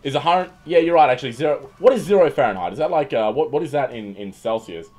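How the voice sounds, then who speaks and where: A man's voice: medium pitch, expressive, quick pace, a little mellow, faint music behind. A young man hosting a casual livestream and reading out chat, jokey and irreverent, swearing freely and often repeating words as he talks. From Australia.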